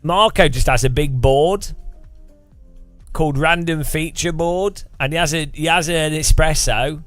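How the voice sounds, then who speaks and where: Streamer, man, loose joking ramble; crisp tone, slow delivery. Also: fairly high pitch, fairly bright tone, no room sound, soft background music. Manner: rambling, joking, laughs often. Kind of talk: casual live-stream chat.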